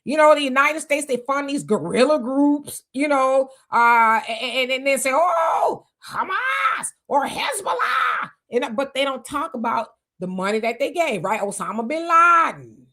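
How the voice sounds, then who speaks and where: Woman in her fifties, livestream host, casual and rambling, voice sits a bit high. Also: moderate pace, pushed and bright. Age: 50s. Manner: conversational, loose with fillers and restarts. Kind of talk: casual live talk to viewers.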